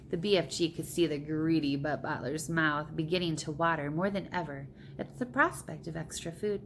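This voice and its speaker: Woman, storybook narration, steady, plain, faint hiss behind. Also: sits low, normal speed, hardly any pauses. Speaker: reader. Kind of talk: storybook read-aloud.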